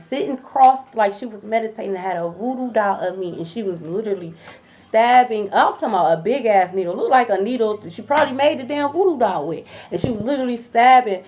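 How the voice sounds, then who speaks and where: Blunt, profane woman telling a story. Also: a little high. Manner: blunt, profane, animated, addresses viewers as y'all. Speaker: tarot reader. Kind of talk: casual storytelling to viewers. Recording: dull lo-fi recording.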